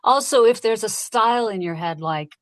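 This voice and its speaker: A woman who narrates audiobooks, talking casually and lively in an interview and laughing easily. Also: a little high, no room sound. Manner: lively, chatty, quick to laugh.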